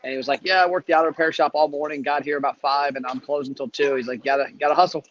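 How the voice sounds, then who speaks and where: A man talks quickly and chattily, hosting a casual live chat. His stories roll out at a brisk clip. The sound is dull and lo-fi, like a live stream. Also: a little high, steady tone, a bit bright. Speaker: host. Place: travelling, speaking from a hotel.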